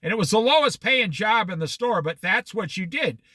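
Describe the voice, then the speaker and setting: Animated high-voiced man telling stories. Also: moderate pace, no echo. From United States. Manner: rambling, anecdotal, with restarts and quoted dialogue. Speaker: vlogger telling personal stories. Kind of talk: casual storytelling monologue.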